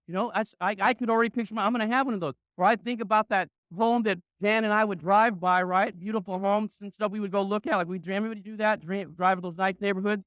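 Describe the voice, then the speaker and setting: A man's voice: high-pitched, fairly even intonation, quick pace, hardly any pauses, fairly bright tone, no room sound. A man in his sixties giving a blunt, punchy motivational talk to a business crowd, often tossing in "right?".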